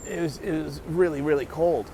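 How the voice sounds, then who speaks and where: A man's voice: a little high, dark tone. Man rambling by a noisy street. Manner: halting, restarts words, jokey asides. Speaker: vlogger. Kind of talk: casual rambling monologue. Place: outdoors at a bus stop by a street. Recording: busy street noise around the mic. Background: passing traffic.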